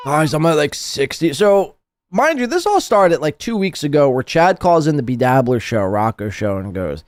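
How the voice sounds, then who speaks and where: A man's voice: fairly high pitch, huge pitch swings, moderate pace, no room sound. A man hosting a podcast, mocking and sarcastic in casual, profane commentary on clips.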